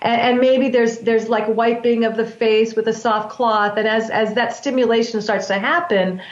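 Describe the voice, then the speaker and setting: A woman who works as a breathwork practitioner, explaining in a calm, measured way with frequent restarts. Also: fairly high pitch, roomy sound, dull audio. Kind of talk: explanatory interview talk.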